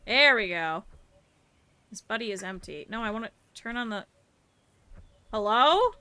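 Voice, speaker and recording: A woman's voice: a little high, expressive, measured pace, bright, forceful tone, smooth. A woman streamer chatting to her viewers over gameplay, swearing freely and reacting to the game as she plays. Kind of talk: casual gameplay commentary.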